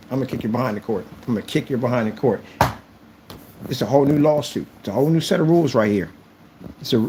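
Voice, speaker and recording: Boastful taunting man with a lively voice. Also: on the high side, a little hiss or hum. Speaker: channel creator reviewing projector screens. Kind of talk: ranting to camera.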